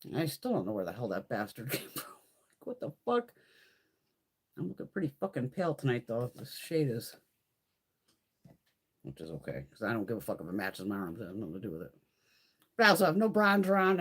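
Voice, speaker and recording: A woman's voice: extremely low pitch, big pitch swings, fairly quick, long pauses, breathy edge. A woman casually chatting on a live beauty stream, rambling and swearing a lot. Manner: chatty, laughs often.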